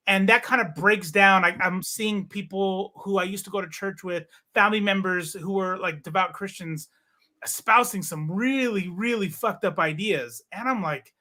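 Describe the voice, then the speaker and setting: A man's voice: high-pitched, normal speed, sharp tone. A man in his forties, a guest in a casual interview, telling a long personal story with many fillers and restarts. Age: 40s. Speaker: podcast guest.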